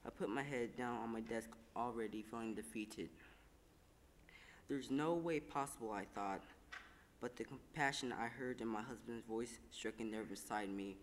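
Reading a scripted first-person story, a man with a fairly low voice narrates heartfelt material at a calm, even pace, occasionally tripping over a word. A long room echo surrounds his voice, with faint background noise underneath.

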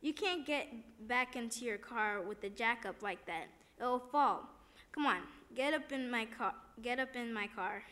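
A woman's voice: a little high, animated, a little slow, sharp tone. A woman reading the lines of a kind, earnest young man in a story, in a plain voice. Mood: urging.

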